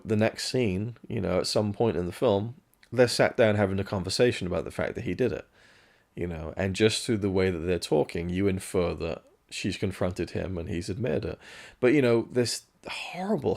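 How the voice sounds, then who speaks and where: Gravelly low-voiced man. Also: darkish tone. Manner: musing, candid, occasionally swears. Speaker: film reviewer. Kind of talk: casual spoken film review.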